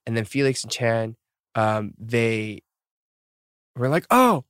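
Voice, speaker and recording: A man's voice: mid-range voice, little pitch movement, takes it slowly, clear, resonant tone, no room sound. Thirties male podcast host, loose rambling chat, fillers galore, dry close sound. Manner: rambling, filler-heavy, laughs at himself.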